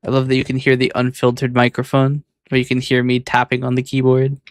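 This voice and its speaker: Male streamer, gravelly low-key muttering, dry booth sound, casual and slightly exasperated. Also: monotone, brisk, no echo. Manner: muttering commentary to himself, mildly exasperated. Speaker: VTuber editing his own clips. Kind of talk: casual talk while video editing.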